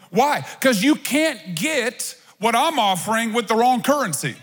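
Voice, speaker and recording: High-voiced preacher in an echoing hall. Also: male voice, lively intonation, normal speed, creaky, hardly any pauses, a bit bright, slightly rough. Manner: conversational preaching with playful asides. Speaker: pastor. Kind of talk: sermon. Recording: long hall reverb.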